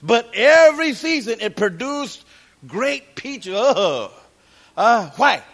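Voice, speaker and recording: A middle-aged man preaching a sermon as pastor, animated, quoting scripture and cracking jokes. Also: extremely high pitch, takes it slowly.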